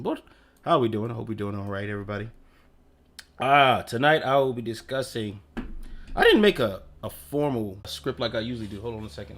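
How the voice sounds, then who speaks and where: A man's voice: lowish voice, fairly bright tone. A man hosting his own live stream in loose, rambling casual chat, swearing offhandedly and talking to himself as he clicks around.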